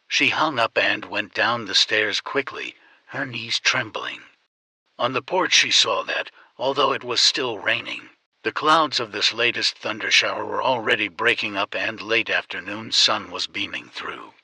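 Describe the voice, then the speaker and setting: Man narrating an audiobook, husky and bright. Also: on the low side, no echo, low-quality recording. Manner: steady, measured storytelling.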